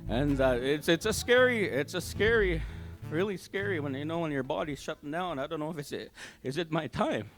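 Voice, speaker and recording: An older man gives his personal testimony at a church service, telling it in a halting, heartfelt way with many fillers and restarts. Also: a little high, expressive, faint music behind. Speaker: church member giving testimony. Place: community hall church service.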